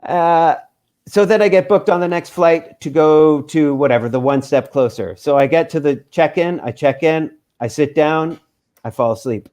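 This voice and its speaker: A man talking in a casual interview, spinning a story with lots of energy and switching voices to act out what other people said. His voice sits a bit higher than most men's, and he drops a swear word here and there. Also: moderate pace. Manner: animated, acts out quotes, swears freely. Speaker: musician guest.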